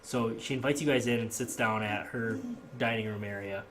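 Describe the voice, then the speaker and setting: A man's voice: lowish voice, steady tone, normal speed, fairly bright tone, slight background noise. A young man narrating a tabletop game as game master, loose and rambling with frequent fillers.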